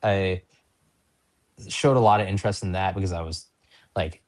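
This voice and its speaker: Lower-voiced man telling rambling stories. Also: fairly even intonation, normal speed, pauses often. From North Dakota. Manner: rambling, chatty, self-deprecating, lots of ums and likes. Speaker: pro wrestler, podcast guest. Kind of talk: casual storytelling in an interview.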